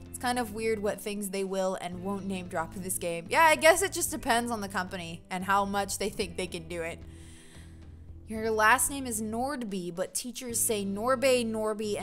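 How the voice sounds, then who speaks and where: A woman's voice: mid-range voice, fairly bright tone. A woman giving chatty, giggly let's play commentary and reading game text aloud. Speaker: game streamer.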